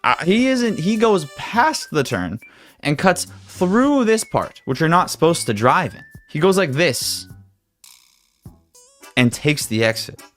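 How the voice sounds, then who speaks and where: A young man excitedly telling a story-time vlog, swinging between loud outbursts and hushed asides, with some swearing and stammering. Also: fairly high pitch, slow pace, faint music behind.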